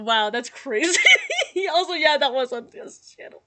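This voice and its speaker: A woman's voice: high voice, lively intonation, normal speed, a bit bright. A young woman giving casual reaction commentary, giggly and rambling with lots of fillers. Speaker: YouTuber reacting to her old videos.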